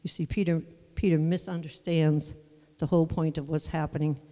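Mellow-voiced preacher in a reverberant hall. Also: medium pitch, little pitch movement. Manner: conversational, unhurried Bible teaching with asides. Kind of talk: sermon.

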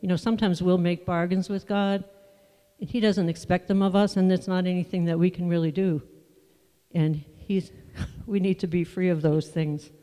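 A preacher giving a sermon, teaching from the Bible in a conversational, unhurried way with asides to the listeners. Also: mid-range voice, steady tone, dark tone, clean tone, long reverb tail.

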